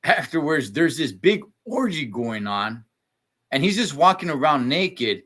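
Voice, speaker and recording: Animated man recapping a TV episode. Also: fairly high pitch, unhurried. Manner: animated, laughs often, trails off mid-sentence. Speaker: show co-host. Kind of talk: live casual TV recap chat.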